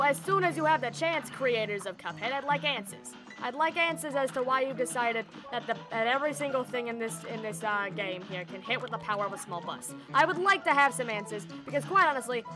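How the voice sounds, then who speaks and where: A woman streaming live gameplay, ranting theatrically and in mock exasperation to her chat. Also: a little high.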